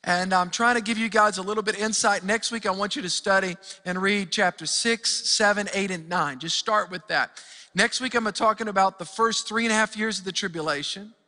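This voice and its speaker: Male pastor, energetic sermon delivery, crisp bright tone, long church reverb. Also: sits high, fairly quick. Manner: energetic storytelling with many restarts. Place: church sanctuary.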